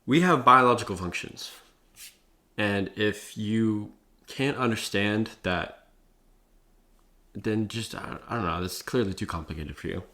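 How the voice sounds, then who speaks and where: Profane casual young man, lower voice. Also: fairly even intonation, a little slow. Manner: loose and profane, heavy on fillers like "like" and "bro". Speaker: vlogger. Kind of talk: casual talking-head advice.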